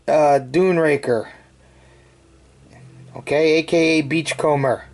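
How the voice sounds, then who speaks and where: A man's voice: on the high side, a little mellow. A man chatting casually through a toy review, with joking asides.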